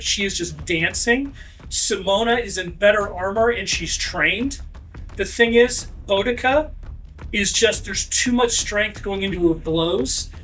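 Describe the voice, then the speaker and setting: A man as game master, narrating a tabletop role-playing fight with energetic delivery and shouted sound effects. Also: high voice.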